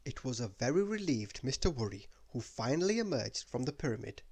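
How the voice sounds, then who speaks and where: A man reads a children's storybook aloud at bedtime. His husky voice swoops widely in pitch as he tells the story, and he sounds expressive throughout. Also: fairly quick.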